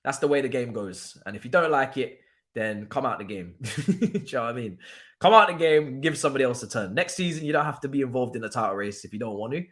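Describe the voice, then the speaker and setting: A man's voice: medium pitch, expressive, fast talker. A young man hosting a football watchalong stream, ranting emphatically and repeating himself with laughs. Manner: emphatic, repetitive, laughing ranter. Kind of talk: casual ranting livestream chat.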